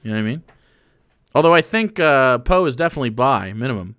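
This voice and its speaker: A man's voice: medium pitch, expressive, quick pace, a bit bright, smooth, no echo, studio quality. A man streaming and reacting to a video, rambling and profane, with frequent restarts. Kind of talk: casual reaction commentary.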